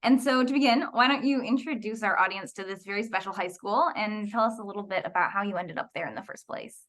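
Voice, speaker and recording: A woman blog editor asking an interview guest questions in an upbeat, measured way, adding brief encouraging murmurs. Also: medium pitch, fairly bright tone.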